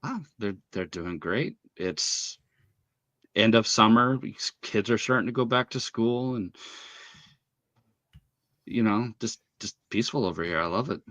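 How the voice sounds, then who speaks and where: A man's voice: lowish voice, a little slow, pauses often, fairly bright tone, no echo, dull audio. Easygoing man from Oregon. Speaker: co-host. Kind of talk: casual chat.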